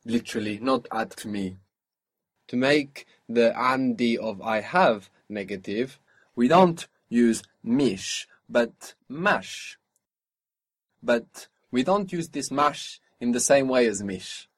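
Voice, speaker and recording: A man's voice: mid-range voice, expressive, slow pace, husky. Patient male language teacher drilling phrases. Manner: patient, repeats each answer back and explains pronunciation. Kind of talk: spoken language lesson, drilling a student.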